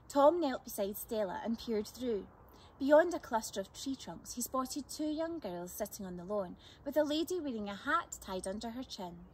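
A woman reading a chapter book aloud for children, with expressive, lively narration. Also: a little high, normal speed, a little hiss or hum. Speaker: storyteller.

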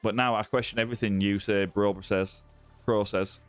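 A man's voice: lowish voice, steady tone, moderate pace, faint music behind. Chatty man hosting a game stream. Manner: chatty, friendly, greets viewers with "mate". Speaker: live-stream gaming host. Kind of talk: casual live-stream chat reading viewer comments. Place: indoor room with ring light.

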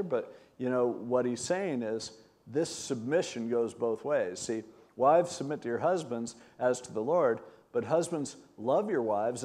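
Older male pastor in his sixties, relaxed conversational sermon delivery, lively when telling a story. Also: medium pitch. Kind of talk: sermon teaching.

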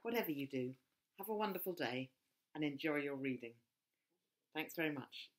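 A woman reading an animated children's storybook. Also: low-pitched, normal speed. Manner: expressive, swings between hushed whispers and loud cries. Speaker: author reading her picture book. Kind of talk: storybook read-aloud for children.

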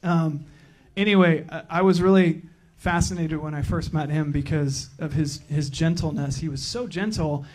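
A man at a church pulpit gives a loose, joking introduction, stumbling through fillers and restarts. His voice sits a little high for a man but has a soft, mellow tone. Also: fairly even intonation, normal speed, few pauses. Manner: joking, rambling, with many fillers. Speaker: church pastor introducing a guest speaker. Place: church sanctuary.

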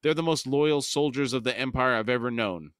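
A man's voice: mid-range voice, fairly quick, fairly bright tone, clean tone, no echo, studio quality, close to an everyday voice. A man voicing a weary, shaken male army historian in an audiobook-style reading, in a blunt, tired manner. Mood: strained.

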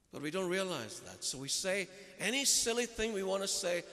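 A man's voice: high voice, bright, forceful tone. A man preaching a sermon, emphatic and putting rhetorical questions to his listeners. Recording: long reverb of a large hall.

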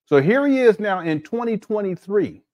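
A man's voice: high voice, animated, moderate pace, darkish tone. A man hosting a casual reaction commentary, talking while eating, with joking, mocking asides. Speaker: commentary channel host.

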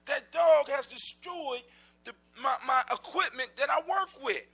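Excitable street magician read by a man, emphatic, high, bright. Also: measured pace, heavily acted. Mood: pleading.

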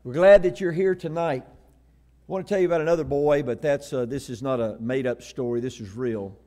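A man's voice: mid-range voice, brisk, mellow. A middle-aged man from Texas preaching a sermon, telling folksy joke stories and reading scripture with emphasis. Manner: folksy storytelling, rising to emphatic Bible reading.

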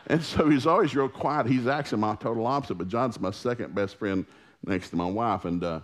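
A man preaching in a church, telling family stories in a folksy, animated way with acted-out quotes. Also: mid-range voice, brisk. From Oklahoma. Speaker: pastor. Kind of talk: storytelling sermon.

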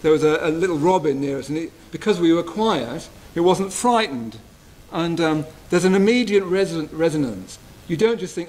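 Gentle man giving a dharma talk. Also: fairly high pitch, expressive, normal speed, few pauses, rough recording. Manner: gentle, tender, often checks in with "yeah?". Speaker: Buddhist teacher giving a retreat talk. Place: retreat hall.

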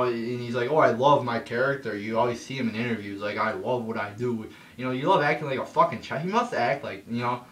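A man's voice: mid-range voice, a bit bright. A young man ranting casually, swearing often and rambling with lots of fillers and restarts, getting heated as he talks. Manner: gets heated, voice jumps up when mocking. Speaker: vlogger ranting. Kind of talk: casual rant monologue. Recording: echoey room, somewhat far from the mic, faint background noise.

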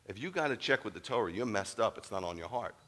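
A man preaching a sermon as a rabbi, telling a story with humor, moving from quiet asides to loud punchlines. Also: on the low side, lively intonation, fast.

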